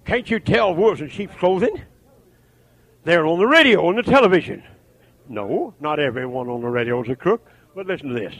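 An older man preaching a fiery revival sermon, swinging from shouted, chanting runs down to low, muttered asides. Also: expressive, moderate pace, no room sound.

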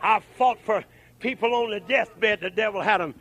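An older man preaching a fiery revival sermon, swinging from shouted, chanting runs down to low, muttered asides. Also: moderate pace, dry recording.

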